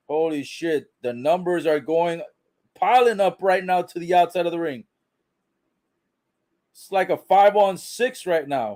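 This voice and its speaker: A man reacting live to a wrestling broadcast, calling the action with frequent swearing and excited exclamations. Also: high voice.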